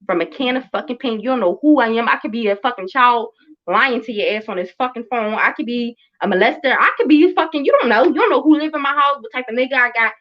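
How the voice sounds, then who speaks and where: A woman's voice: a little high, quick pace, muffled recording. A woman around thirty, a mother and show host, telling a story in casual chat with blunt, emphatic and heavily profane talk. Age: about 30.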